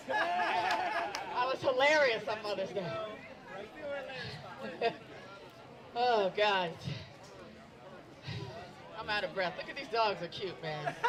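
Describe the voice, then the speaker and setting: A middle-aged woman doing a stand-up set outdoors, teasing herself and bantering with the crowd. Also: fairly high pitch. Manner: self-deprecating, bantering with the crowd. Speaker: stand-up comedian. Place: outdoor event. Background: crowd of onlookers.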